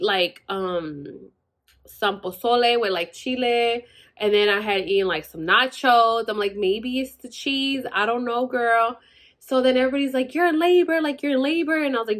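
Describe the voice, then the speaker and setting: A young woman tells a personal story in a relaxed, chatty way. Her voice sits a little high, and she keeps saying "like" as she acts out everyone's lines. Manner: chatty, full of "like" and acted-out quotes. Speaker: vlogger telling her birth story. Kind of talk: casual storytelling.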